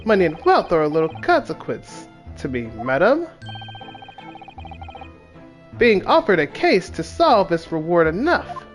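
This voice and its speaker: A man's voice: high voice, very animated, normal speed, faint music behind, voice pushed up. A man voicing a pompous, eccentric English male detective, reading game dialogue with grandiose theatrical flair.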